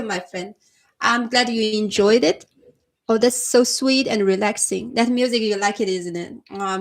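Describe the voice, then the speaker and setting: A woman from China with a Chinese accent, hosting a casual livestream chat and answering viewers' comments in a soft-spoken way, often calling them her friend. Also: fairly high pitch. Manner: soft-spoken, frequent restarts and laughs, addresses viewers as my friend. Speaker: livestream host.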